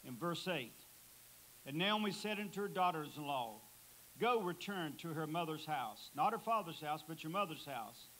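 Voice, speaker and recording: A man preaching a sermon in a church, emphatic and rising in pitch on key words. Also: animated, moderate pace, a bit bright, a little hiss or hum, poor audio. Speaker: guest preacher.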